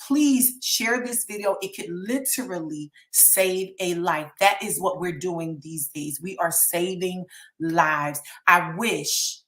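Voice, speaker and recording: A woman's voice: on the low side, slow, fairly bright tone. Earnest woman counselor, echoey room. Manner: earnest and pleading, reads out names from chat. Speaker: counselor hosting a live stream. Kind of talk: live stream talk to viewers.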